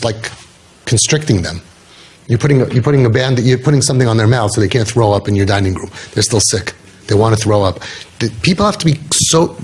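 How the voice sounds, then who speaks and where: Husky earnest man advising parents. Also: mid-range voice. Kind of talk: heartfelt talk to parents.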